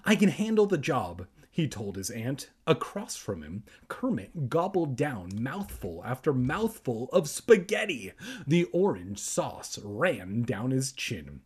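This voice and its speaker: Husky man reading with crude asides. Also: mid-range voice, very animated, takes it slowly, a little mellow. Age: young adult. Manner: crude, self-deprecating asides. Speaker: reader and comedian. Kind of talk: comic reading of a children's book.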